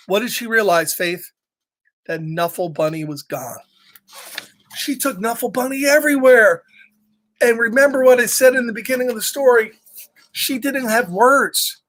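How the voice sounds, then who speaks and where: A man reads a picture book aloud to young children, lively and chatty. He breaks off now and then to ask his listeners questions. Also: very high voice, normal speed, long pauses. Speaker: storytime reader for children.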